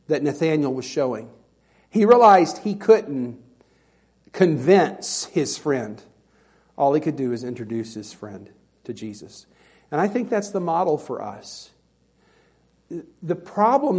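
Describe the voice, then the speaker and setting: A man's voice: medium pitch, husky. A man preaching a sermon as pastor, telling stories and acting out quoted voices. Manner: folksy storytelling with animated quoted voices.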